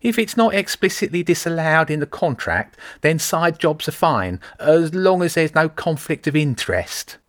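A fussy know-it-all rat guard with a thin, high voice, done by a male narrator. He corrects everyone in a prim, nitpicking way. The sound is close and dry, like a storybook reading. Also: expressive, moderate pace, hardly any pauses, fairly bright tone, no echo. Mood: pedantic.

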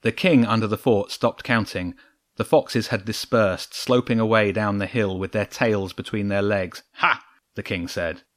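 Low-voiced man reading a storybook. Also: steady tone, moderate pace, no echo, clean studio sound. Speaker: narrator. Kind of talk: scripted storybook narration.

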